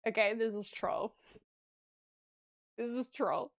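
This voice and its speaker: A woman's voice: a little high, slow, creaky. A young adult woman streaming, chatting casually in a slangy way and laughing easily. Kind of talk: casual chat.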